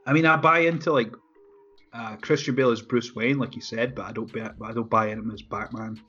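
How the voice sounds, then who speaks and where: A man's voice: medium pitch, steady tone, fairly quick, bright, forceful tone, breathy edge. A man in casual chat, laid-back and loose, swearing freely with lots of fillers. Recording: dull lo-fi with faint music.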